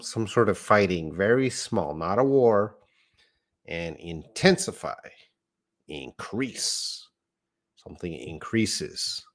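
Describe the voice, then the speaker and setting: A deep-voiced man teaches English live online, going slowly through each word. He sounds middle-aged and patient, and he stops to correct himself before moving on. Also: animated. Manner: patient, explains words step by step, corrects himself.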